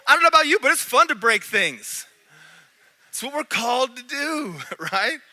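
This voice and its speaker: A man preaching a sermon in a church, animated, swinging between loud and hushed. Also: extremely high pitch, normal speed. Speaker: pastor.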